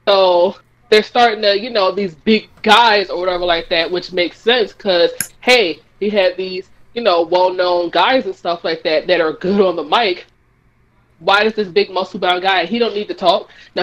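A woman talking fast and loose on a podcast, swearing freely and slipping into mocking voices mid-rant. Her voice sits in an ordinary middle register for a woman, and it keeps swinging up high when she gets worked up. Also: muffled recording. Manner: profane, animated, mimics voices mid-rant. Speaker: podcast co-host. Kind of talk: casual chat.

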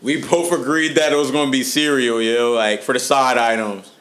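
A man's voice: mid-range voice, steady tone, moderate pace, fairly bright tone. A man hosting a casual podcast chat, laid-back and slangy, laughing often. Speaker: podcast host.

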